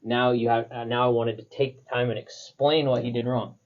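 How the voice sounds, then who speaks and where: A man's voice: mid-range voice, little pitch movement, a little fast, muffled recording. A young man and podcast co-host, talking casually and rambling through stories with lots of fillers. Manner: rambling, filler-heavy storytelling. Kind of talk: casual chat.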